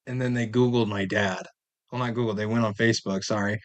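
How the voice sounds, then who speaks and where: Laughing, animated storytelling man. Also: on the low side, brisk. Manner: animated storyteller, laughs often, playful teasing. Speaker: podcast co-host. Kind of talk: casual storytelling chat.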